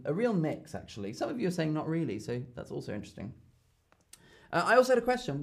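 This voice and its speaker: A man's voice: medium pitch, darkish tone. A young man hosting a casual live-stream lesson, chatty, with many fillers and repeated key phrases. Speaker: German tutor hosting a live Q&A.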